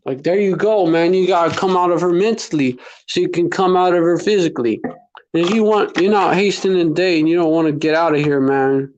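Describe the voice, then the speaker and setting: A man's voice: on the high side, fairly quick, darkish tone, muffled recording. Slangy man preaching from scripture. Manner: loose slangy talk, reads verses aloud. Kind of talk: casual scripture teaching.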